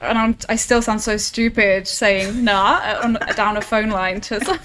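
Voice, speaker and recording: A woman's voice: medium pitch, slow pace, a bit bright, rough recording. A woman from the south of England with a Southern English accent, chatting casually, laughing often and trailing off mid-sentence. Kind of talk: casual chat.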